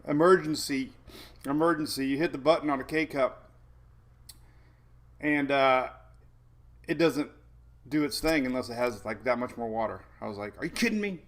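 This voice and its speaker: Broadcasting a live weather stream from home, a man rambles and jokes, frequently laughing and teasing himself. He has a medium-pitched, fairly bright voice, speaks a little slowly and leaves long pauses.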